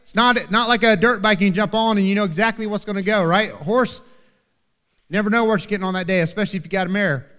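A man with a high voice preaches in a church, his words ringing with long hall reverb. He talks to the congregation in an earnest, conversational way and keeps asking "right?". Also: fast, fairly bright tone, clean tone. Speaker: pastor. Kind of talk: sermon. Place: church sanctuary.

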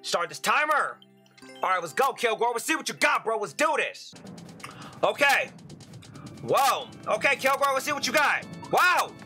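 A young man giving excitable gameplay commentary as a channel host, breaking into loud frustrated outbursts and crude jokes. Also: extremely high pitch, moderate pace, pauses often, faint music behind.

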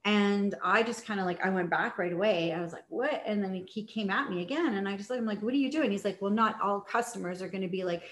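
A woman's voice: mid-range voice, a little fast, hardly any pauses. A woman sales coach talking in a casual teaching style, chatty, with many fillers and restarts. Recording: echoey room.

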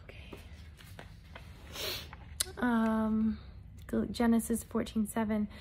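A woman's voice: on the high side, completely flat delivery, drawn-out words, mellow, slight background noise. A woman relaying prophetic messages and reading scripture verses, speaking in solemn, earnest first-person proclamations in short phrases. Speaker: self-styled prophetic messenger.

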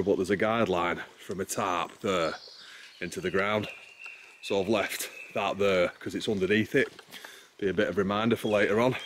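Outdoor vlogger, man with a lowish voice, breathless and rambling on a hillside, faint countryside noise. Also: fairly bright tone. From England. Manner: chatty, rambling, self-interrupting. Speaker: wild camping vlogger. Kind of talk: casual outdoor vlog.

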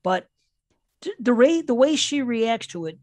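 A man's voice: extremely high pitch, very animated, unhurried, a little mellow, dry recording. A man guesting on a podcast, chatting casually about horror films in a rambling, self-interrupting way with plenty of swearing. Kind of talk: casual horror film chat.

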